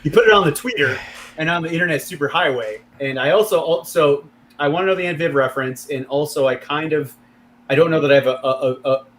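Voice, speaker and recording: A man's voice: a little high, quick pace, fairly bright tone. A man co-hosting a fantasy football podcast, joking and teasing in casual chat. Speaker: podcast co-host.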